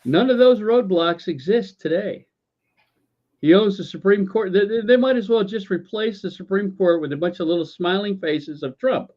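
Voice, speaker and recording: This podcast co-host's voice sits high and he speaks at a moderate pace. His casual political rant on the talk show is peppered with sarcasm, swearing and stammered restarts. The recording sounds dull and lo-fi.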